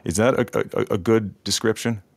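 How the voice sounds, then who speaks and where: A man hosting an interview, asking long questions in a hesitant, halting way. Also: fairly low pitch, steady tone, creaky, no echo. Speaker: interview host. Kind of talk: conversational interview.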